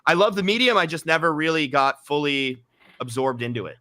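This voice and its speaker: A man's voice: fairly high pitch, lively intonation, a little fast, bright, forceful tone, no echo, studio quality. A man being interviewed about his writing, talking casually with many fillers and restarts. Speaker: guest author.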